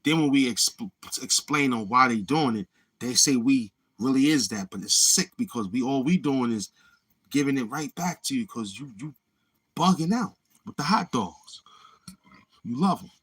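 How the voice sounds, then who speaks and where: A man's voice: mid-range voice, expressive, normal speed, fairly bright tone, breathy edge. A man hosting a casual livestream, rambling along and murmuring mm-hmm between his thoughts. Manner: rambling, with many murmured mm-hmms. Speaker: livestream host.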